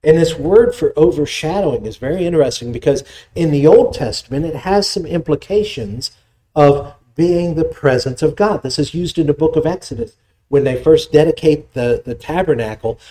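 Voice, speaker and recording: Male pastor, mellow tone, conversational sermon delivery. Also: a little high. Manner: explanatory, conversational preaching with restarts.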